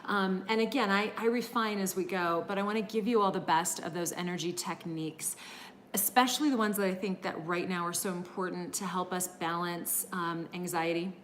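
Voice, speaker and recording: A woman's voice: fairly low pitch, steady tone, normal speed, a bit bright, a little hiss or hum. Bubbly woman hosting a live class. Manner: bubbly and chatty, greets viewers by name, many fillers. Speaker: energy healing and meditation teacher. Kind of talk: live-stream class chat, reading viewer comments.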